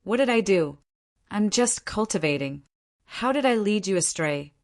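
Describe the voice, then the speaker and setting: A woman's voice: mid-range voice, expressive, moderate pace, close to an everyday voice. A woman voicing a cocky young male martial arts student, boastful and easily exasperated, in an audiobook.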